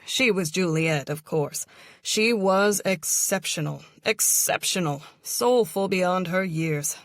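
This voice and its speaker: A woman's voice: lowish voice, expressive, slow, no echo, clean studio sound. A woman voicing a theatrical, effusive male drama teacher in his mid-thirties, read in an audiobook.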